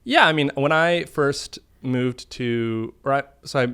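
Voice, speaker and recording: A man being interviewed about his art, speaking in a thoughtful, halting way with frequent restarts. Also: mid-range voice, fairly bright tone, clear, resonant tone. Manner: thoughtful, halting, self-correcting. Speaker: interview guest, artist. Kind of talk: casual interview.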